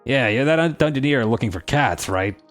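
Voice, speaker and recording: Man voicing a cheerful braggart dwarf, fake Australian-Cockney accent, lively up-and-down lines, over quiet game music. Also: medium pitch, brisk, lightly acted. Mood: jaunty. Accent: put-on Australian, drifting Cockney. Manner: jaunty, cheery, theatrical. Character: boastful male dwarf historian, cheerful showman.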